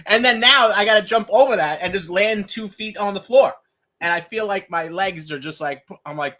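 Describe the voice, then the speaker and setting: Bright-voiced laughing podcast man. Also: sits high, normal speed. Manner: laughs often, animated storytelling. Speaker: podcast co-host. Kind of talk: casual chat.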